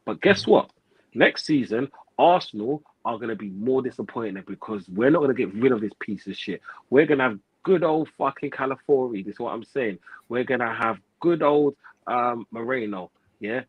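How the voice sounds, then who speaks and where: A man's voice: medium pitch, slightly rough, no echo, muffled recording. A man, hosting a football fan show, ranting heatedly with lots of swearing, repetition and street slang. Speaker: football pundit host.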